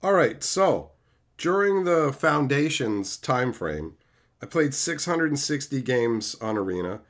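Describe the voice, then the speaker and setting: A man's voice: medium pitch, very animated, a little slow, a bit bright. A man from Canada, a YouTuber ranting profanely on a livestream. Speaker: YouTuber and streamer.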